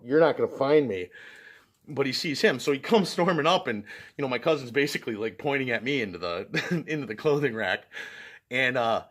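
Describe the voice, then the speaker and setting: A man's voice: mid-range voice, fairly bright tone. A man vlogging, telling a personal story in a casual way, often laughing and using fillers like "like" and "you know".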